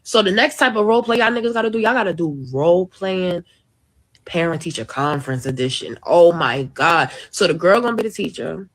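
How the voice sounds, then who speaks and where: A woman's voice: fairly low pitch, lively intonation, brisk. Brash, profane woman telling a story. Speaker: social media content creator. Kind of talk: storytime monologue.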